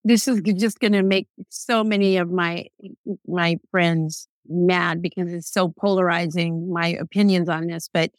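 A middle-aged woman speaking candidly in a casual interview, animated and quick to laugh, acting out the things she once said. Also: lowish voice, no echo. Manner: candid, animated, laughs often, acts out quotes. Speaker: guest.

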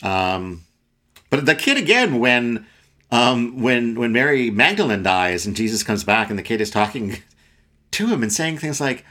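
A man in casual conversation about a movie, animated and laughing as he acts out characters' lines. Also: medium pitch, measured pace. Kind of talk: casual film discussion.

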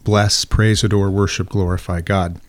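A man's voice: sits low, flat delivery, normal speed, no echo. A man co-hosting a casual podcast, explaining ideas patiently in a teacherly way and thinking aloud. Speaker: podcast co-host, liturgy teacher.

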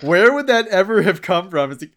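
A man's voice: high-pitched, sing-song, brisk, fairly bright tone. A man in casual podcast chat, amused as a co-host.

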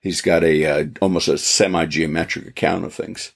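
A man's voice: low-pitched, fairly even intonation, moderate pace, gravelly. A man in a casual theological conversation, thinking aloud and often murmuring agreement.

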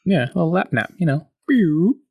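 A man's voice: on the high side, sing-song, moderate pace, warm tone. A man in his thirties, a podcast co-host, chatting casually and laughing often while watching a film. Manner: laid-back, laughs often. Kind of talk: casual movie watch-along chat.

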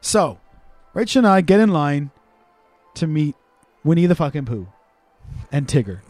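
A high-voiced man telling a story on his podcast with big swings in pitch. He is crude and quick to joke. The sound is dry and close. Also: no room sound, faint music behind. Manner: animated, profane, comic storyteller. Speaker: podcast host. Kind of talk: casual storytelling chat.

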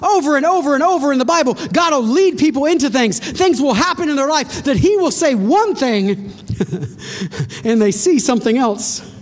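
A woman's voice: high voice, animated, moderate pace. A woman preaching a sermon to her congregation, retelling a story dramatically with rhetorical questions and direct address.

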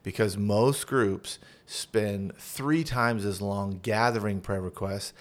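A man's voice: lowish voice, slow. A man, a pastor, talking earnestly on a podcast and walking through example prayers as he teaches. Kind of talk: podcast conversation.

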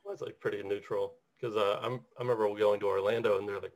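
A man's voice: fairly low pitch, steady tone, fast talker. A man from Pensacola with no regional accent, chatting casually and poking fun at himself. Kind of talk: casual chat.

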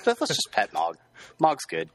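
A man's voice: medium pitch, wildly swooping pitch, moderate pace, no echo. A man playing a text adventure with a friend, hesitant with many ums and full of dry joking asides. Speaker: guest player. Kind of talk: casual chat playing a game.

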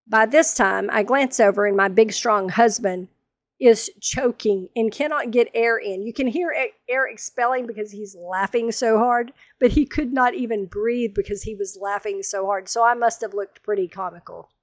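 A woman in her sixties, telling a funny personal story to her regular listeners in a lively, dramatic way. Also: fairly high pitch, normal speed, no room sound, clean studio sound. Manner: animated, dramatic, humorous retelling. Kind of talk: casual storytelling monologue.

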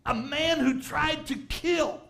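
A man preaching a sermon, telling a story and rising to shouts of emphasis. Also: extremely high pitch, takes it slowly, vocal fry. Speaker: pastor.

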